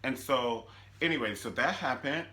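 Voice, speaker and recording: A man hosting a comedic TV recap, telling the story in an animated, sassy way. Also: medium pitch, moderate pace. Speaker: YouTube show recap host.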